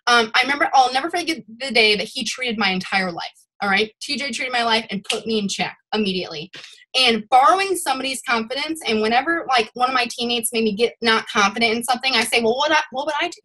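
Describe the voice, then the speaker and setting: A young woman leading her sales team over a video call, giving a rambling, animated motivational talk. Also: fairly high pitch, fast. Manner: rambling and animated, admits to ranting.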